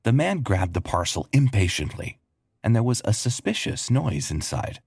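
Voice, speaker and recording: A husky-voiced man narrates a scripted story in a low register. His delivery moves lively up and down, and the sound is dry and close. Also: normal speed, dry recording.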